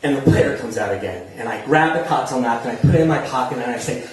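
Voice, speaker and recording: A man's voice: medium pitch, fast, few pauses, a little mellow. A man from New Jersey telling a self-mocking comic story live on a small theater stage, chatty and laughing as he goes. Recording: echoey room, voice from far off.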